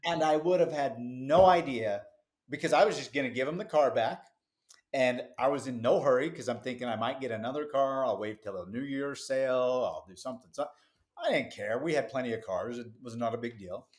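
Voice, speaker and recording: Brief: middle-aged man, podcast guest, lively storyteller, mid-pitched and chatty, quick asides, laughs easily. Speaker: business founder, podcast guest. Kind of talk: casual interview storytelling.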